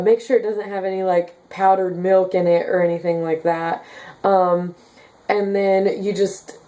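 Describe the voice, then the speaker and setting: A young woman from Kansas whose speech carries a slight Southern accent. She chats casually and giggles between thoughts, leaning on "like" and "um." Her voice is mellow and even in pitch. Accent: slight Southern with Midwestern base. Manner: chatty, many "like" and "um" fillers, giggly. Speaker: vlogger reading viewer comments. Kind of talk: casual chat.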